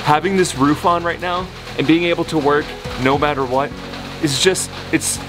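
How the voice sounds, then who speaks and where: A man's voice: on the high side, moderate pace, music in the background. A man casually narrating his building work on a farm, easygoing and teasing. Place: building site under a metal roof, rain outside.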